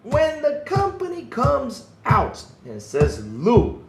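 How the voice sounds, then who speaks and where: A man's voice: high-pitched, big pitch swings, normal speed, roomy sound. A man hosting a casual livestream podcast, talking animatedly, swearing freely and acting out what others say. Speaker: podcast host.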